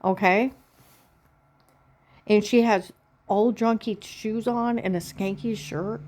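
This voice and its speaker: A woman vlogging in a rambling personal monologue, telling a long story plainly and slowly and often checking in with "Okay?". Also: medium pitch, fairly even intonation, darkish tone.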